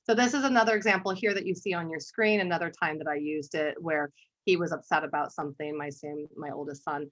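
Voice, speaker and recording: A woman art therapist giving a conversational webinar talk, telling a story and often clearing her throat. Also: deep voice, quick pace, a bit bright. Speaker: art therapist and workshop presenter. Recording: dull lo-fi webinar audio.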